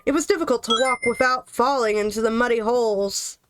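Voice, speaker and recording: A woman's voice: on the high side, fairly quick, slight background noise, rough recording. Bubbly woman reading a children's book aloud. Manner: chatty, bubbly asides between passages. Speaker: storyteller, channel host.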